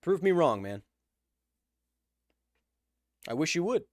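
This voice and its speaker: A man in his thirties hosting a casual podcast live stream, reading viewer questions and answering with animated, opinionated emphasis. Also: slow, dry recording. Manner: animated and opinionated, with emphatic swings in pitch and volume.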